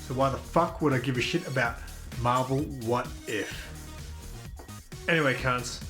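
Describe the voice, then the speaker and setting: An Australian man hosting a comedy show, ranting in a brash, profane, mock-aggressive way. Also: medium pitch. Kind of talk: crude comedic rant.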